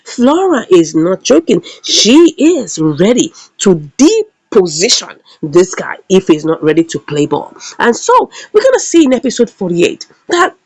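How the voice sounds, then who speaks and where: Animated woman recapping a show. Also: mid-range voice, a little slow, few pauses, husky, dry recording. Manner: animated, acts out the scenes. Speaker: video host. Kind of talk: casual episode recap and review.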